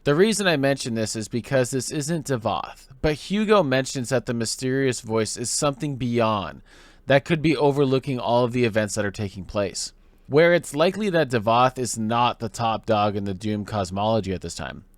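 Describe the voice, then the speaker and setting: A man's voice: mid-range voice, expressive, normal speed, no room sound. A man hosting a gaming lore video essay, explaining in a conversational way. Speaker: host.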